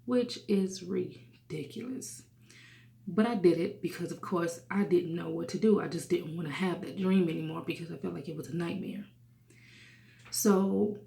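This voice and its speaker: A woman's voice: lowish voice, vocal fry, echoey room. A woman in her thirties telling a personal testimony in an earnest way, sometimes dropping to a whisper. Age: 30s. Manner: earnest, hushes to a whisper at sad moments. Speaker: testimony speaker.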